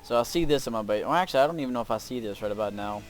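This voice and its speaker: A man's voice: medium pitch, expressive, racing, slight background noise. A man casually commenting over his own strategy game replay, rambling with lots of fillers and restarts. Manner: rambling, filler-heavy, self-narrating. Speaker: gameplay commentator. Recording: faint music behind voice. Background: faint background music.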